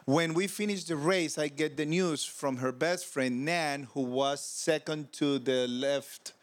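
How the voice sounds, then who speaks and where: A man with a fairly high voice preaches at a ministers' convention. He tells a personal story with feeling and acts out the voices of the people in it. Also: a little slow. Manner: emotional, animated storytelling with quoted dialogue. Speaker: pastor. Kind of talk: conference sermon storytelling. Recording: audio of a convention talk.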